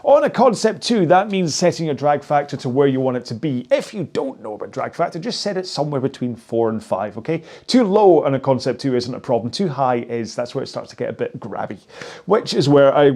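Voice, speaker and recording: A man's voice: medium pitch, lively intonation, fairly quick, a little mellow. A man giving chatty, jokey, encouraging instructions while he rows along on a rowing machine. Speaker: rowing coach. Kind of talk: follow-along workout instruction.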